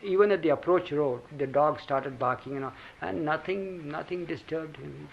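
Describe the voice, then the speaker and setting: A man's voice: a little high, normal speed, gravelly. An older man with an Indian English accent, reminiscing in casual talk and chuckling through his stories. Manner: chuckling, animated storytelling with acted quotes. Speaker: storyteller recounting memories. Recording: dull lo-fi 1980 tape with hiss.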